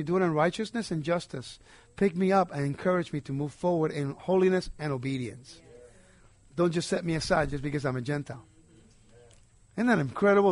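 A man preaching a sermon, emphatic, swinging between quiet asides and loud declarations. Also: sits high, dry recording.

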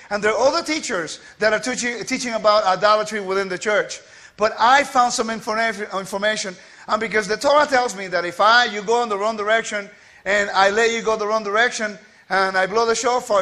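A man giving a quick, scattered and playful teaching to a congregation, joking with the listeners as he goes. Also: high voice, bright, forceful tone. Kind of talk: lively spoken teaching.

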